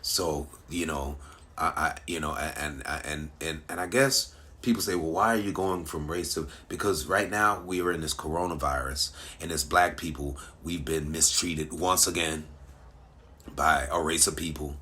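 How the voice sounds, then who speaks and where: A man commenting to his online followers, animated and repetitive, with frequent restarts and rhetorical questions. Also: extremely low pitch, normal speed. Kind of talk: casual monologue to social media followers.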